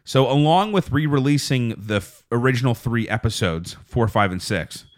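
A man hosting a podcast in casual chat, rambling with many restarts and fillers, putting on a deep radio-style voice. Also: animated, moderate pace. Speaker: podcast host. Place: small home studio.

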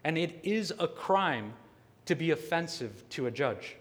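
A man preaching a sermon, telling a story earnestly with slow, emphatic stresses. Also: a little high, big pitch swings, long reverb tail. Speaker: pastor.

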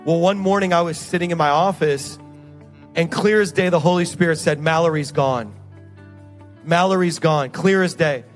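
Brief: high-pitched male pastor, animated sermon storyteller, faint music underneath. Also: fairly quick. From Indiana. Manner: animated storytelling, acting out the voices in his stories.

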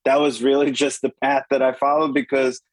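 Middle-aged New York guest musician, easygoing and full of fillers, mid-pitched and dry-sounding. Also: male voice, little pitch movement, brisk, no echo, rough recording. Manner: laid-back, filler-heavy. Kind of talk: casual interview chat.

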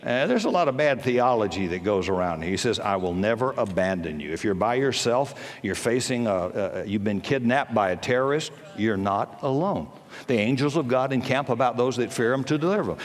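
A man's voice: mid-range voice, animated, brisk. Older man preaching in a reverberant hall. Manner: storytelling, rising to fervent emphasis. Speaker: pastor. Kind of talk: sermon.

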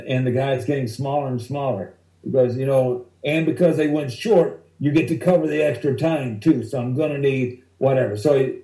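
A male stand-up comedian telling rambling, animated stories from the road in a casual interview. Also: mid-range voice, echoey room, poor audio. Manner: animated, rambling anecdotes that act out other people's lines.

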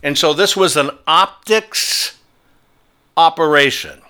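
A man's voice: a little high, slow pace, pushed and bright, clean tone. A male talk show host delivering a combative, sneering monologue.

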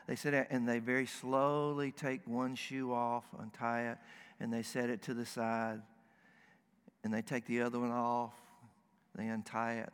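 A man's voice: medium pitch, clean tone, in a large hall. A man from the States, preaching a sermon in a folksy, earnest storytelling way. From Southern United States. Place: church sanctuary.

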